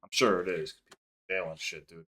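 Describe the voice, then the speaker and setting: A man's voice: sits low, normal speed, noisy background. A man hosting a music reaction video, talking casually, swearing freely and stopping often to break down lyrics. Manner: excitable, swears casually, stops to unpack lyrics. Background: hip hop track playing faintly.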